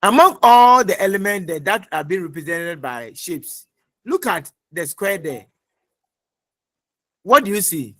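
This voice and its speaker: A middle-aged man lecturing an online class, repeating points and quizzing students with many pauses. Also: high voice, lively intonation, fairly bright tone, no room sound. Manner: repetitive, quizzing, fills pauses with uh.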